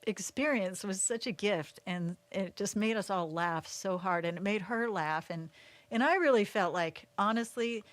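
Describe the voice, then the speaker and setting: A woman's voice: mid-range voice, normal speed, no echo. A woman co-hosting a livestream, telling a personal story in casual chat and laughing often as she talks. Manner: animated, laughs through the story. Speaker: livestream co-host.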